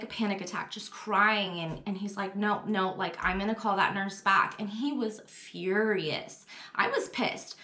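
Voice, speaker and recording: A young adult woman telling her own story to the camera in a candid, chatty vlog, full of fillers and quick laughs. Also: medium pitch, fairly bright tone, reverberant. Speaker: vlogger.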